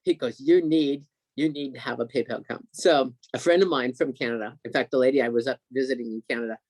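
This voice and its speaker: A man telling an excited, emotional story as a guest on a video call, acting out what others said. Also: medium pitch, quick pace, dry recording. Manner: excited, emotional storyteller who acts out quotes.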